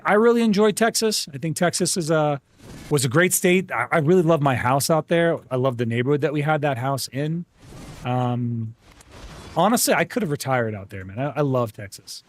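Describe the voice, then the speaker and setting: A man streaming a game live, chatting casually and greeting viewers by name, with frequent restarts. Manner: rambling restarts, animated jumps in pitch. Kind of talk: casual live-stream chat while gaming.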